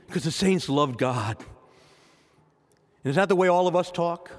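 A man's voice: fairly high pitch, expressive, normal speed, long pauses, big-room sound. A man, a priest, preaching a sermon and speaking directly to his congregation in church.

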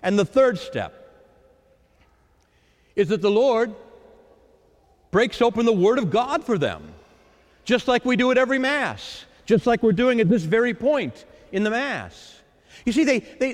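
A man preaching a sermon as a priest, acting out the voices of the Lord and the disciples with lively drama. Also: extremely high pitch, measured pace, long pauses. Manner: animated, dramatizing the Lord's and disciples' lines. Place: church. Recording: echoey church with long reverb.

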